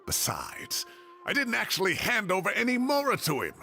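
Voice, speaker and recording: An actor playing a gruff, hot-tempered retired older professor in a game, grumbling with sarcastic indignation. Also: male voice, high voice, wildly swooping pitch, moderate pace, bright, forceful tone, soft background music, full character voice. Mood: exasperated. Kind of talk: game voice acting.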